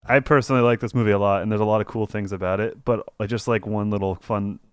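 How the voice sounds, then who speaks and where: A young man with a low, smooth voice talks through a film in a loose, rambling way, chuckling now and then. The sound is close and dry, with no room around it. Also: steady tone, fast, dry recording. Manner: loose and rambling, laughs easily. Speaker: podcast co-host. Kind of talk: casual film review chat.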